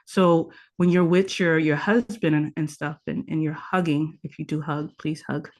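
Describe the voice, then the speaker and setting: A woman's voice: low voice, level tone, moderate pace, a little mellow. A woman guest on a podcast, teaching tantra practice in an earnest, instructive way and repeating her key points. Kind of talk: conversational podcast interview.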